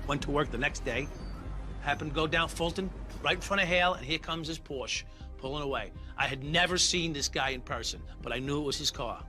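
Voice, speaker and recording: A man's voice: fairly high pitch, quick pace. A middle-aged man, a former police officer telling his story bluntly in an interview, swearing heavily. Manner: blunt, heated, heavy swearing. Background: music.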